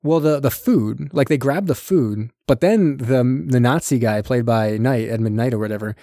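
A man hosting a casual chat, retelling a film's plot with lively quick impressions of its characters. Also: medium pitch, dry recording, clean studio sound. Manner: animated retelling, slipping into quick character voices. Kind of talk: casual film recap chat.

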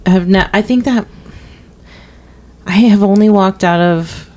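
A woman co-hosting a podcast in casual chat, speaking in a measured, thoughtful way. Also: mid-range voice, darkish tone. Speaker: podcast co-host. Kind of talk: casual chat about movies.

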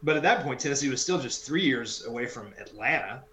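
A man's voice: medium pitch, animated, fairly quick, sharp tone, roomy sound, a little hiss or hum, poor audio. A man co-hosting a podcast, talking casual sports in a rambling, wry way and often correcting himself mid-sentence. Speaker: podcast co-host.

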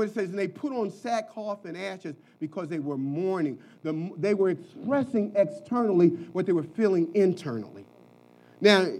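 A man preaching a sermon, dropping into quiet asides and then rising to shouted lines. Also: very high-pitched, low-quality recording. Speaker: pastor.

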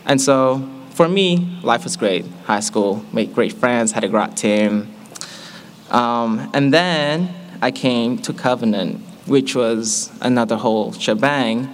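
A medium-pitched young man from Malaysia with an American accent shares a personal testimony, candid and self-mocking, animated whenever he repeats his own words. Slight background noise is audible.

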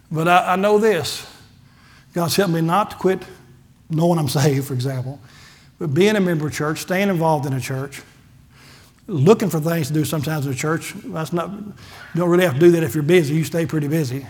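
A higher-pitched middle-aged man with a drawl preaches a testimony sermon from the pulpit. He tells folksy stories in a plain, conversational way and acts out both sides of the conversations. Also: fairly quick, breathy edge. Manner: folksy storytelling, acts out dialogue, gets emotional. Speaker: pastor.

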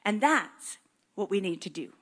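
A woman preaching a sermon, animated and conversational, acting out prayers and questions to God. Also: mid-range voice, measured pace. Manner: animated, acts out prayers and voices in quotes.

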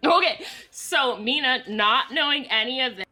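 A woman's voice: sits high, lively intonation, moderate pace, pushed and bright, faint music behind. A woman playing a tabletop role-playing game, speaking in a playful, giggly manner. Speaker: player.

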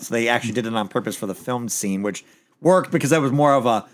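A man in casual conversation who recaps a TV episode in a rambling, animated way. He restarts his sentences often and swears now and then. His voice sits at an ordinary middle pitch. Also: fast.

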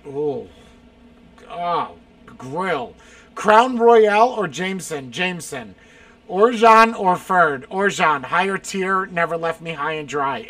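A man fires back quick answers in a loose, casual chat, his voice high and very lively. He swears freely and breaks into shouts and laughs. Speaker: streamer answering rapid-fire questions. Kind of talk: casual chat, lightning round.

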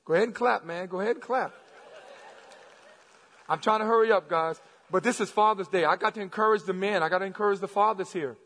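A man preaching a sermon to his congregation, calling out to the crowd and building to shouts. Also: high-pitched, a little fast, in a large hall. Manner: preaching with rising shouts and call-and-response. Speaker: pastor. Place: church sanctuary.

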